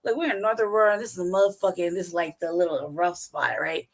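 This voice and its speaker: A woman from Los Angeles hosting a show, giving loud profane commentary full of swearing and laughter. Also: fairly low pitch, fast talker. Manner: animated, swearing, ranting and laughing. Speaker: show host commenting on a played clip.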